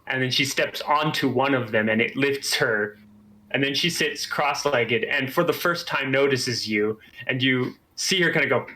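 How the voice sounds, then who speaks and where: A man serves as game master and narrates a tabletop game in an easygoing way. His voice is bright, and he stops now and then with fillers. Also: medium pitch, normal speed, low-quality recording.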